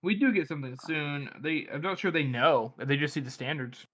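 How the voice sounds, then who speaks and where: Podcast dude answering a question, kinda unsure, bright slightly high voice, dry sound. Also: male voice, brisk, no room sound. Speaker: podcast co-host. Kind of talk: casual chat.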